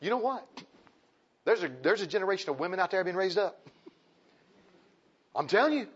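High-voiced preacher man. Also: lively intonation, fairly quick, breathy edge. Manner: emphatic, repetitive, swings between shouting and hushed tones. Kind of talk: fiery sermon. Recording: dull lo-fi recording.

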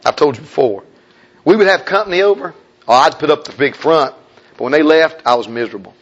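A male preacher telling a personal story in a sermon, swinging between hushed confiding tones and loud urgent appeals. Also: a little high, expressive, brisk. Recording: dull lo-fi recording.

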